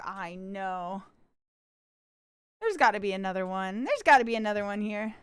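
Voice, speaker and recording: A woman's voice: medium pitch, lively intonation, moderate pace, pauses often, smooth, no echo. A giggly, bubbly young woman from Canada, chatting casually with her viewers on a livestream.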